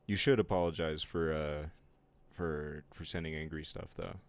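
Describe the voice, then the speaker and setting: A man's voice: a bass voice, steady tone, normal speed. A man streaming his drawing live, chatting casually with viewers in playful, mock-offended banter. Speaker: art streamer.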